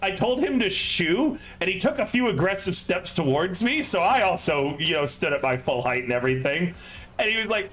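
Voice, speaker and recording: A man with a slightly higher-than-usual voice hosts a tabletop game stream. He rambles through a story in a casual chat style, padding it with fillers and breaking into laughs. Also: lively intonation, fairly quick, fairly bright tone, poor audio. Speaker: game master and stream host.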